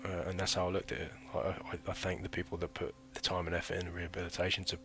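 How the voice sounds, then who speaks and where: A man's voice: deep voice, monotone, fast talker, fairly bright tone, faint music behind. A man in his thirties telling a chatty, rambling story about his military training in a casual vlog. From United Kingdom. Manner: rambling and chatty, full of fillers and slang. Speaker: former recruit recounting training.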